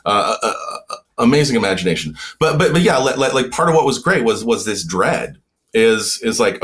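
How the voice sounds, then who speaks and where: A male novelist chatting on a podcast with a middle-pitched voice. He stumbles over words, repeating them in quick bursts. His tone keeps swinging up and down as he talks. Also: sing-song, a bit bright. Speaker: novelist guest. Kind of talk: casual podcast conversation.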